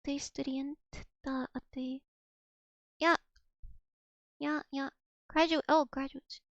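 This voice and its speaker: A woman's voice: high-pitched, flat delivery, slow pace, fairly bright tone, no room sound, dull audio. A young woman streaming casually, chatty and self-mocking, filling her talk with "like" as she sounds out foreign words. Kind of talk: casual livestream chat, practicing Russian words aloud.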